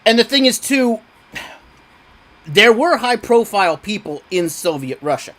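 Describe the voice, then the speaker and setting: A man's voice: high-pitched, sing-song, measured pace, a bit bright. A man co-hosting a casual movie podcast, chiming in with dry, wry remarks. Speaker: podcast co-host.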